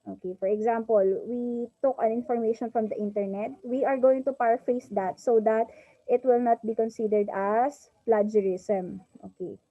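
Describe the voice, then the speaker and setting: A woman's voice: fairly high pitch, fairly even intonation, moderate pace, dry recording. A woman teacher with a Filipino accent giving a lesson, mixing English and Filipino and saying "okay" often. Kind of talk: online class lesson. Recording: dull, dry lo-fi mic.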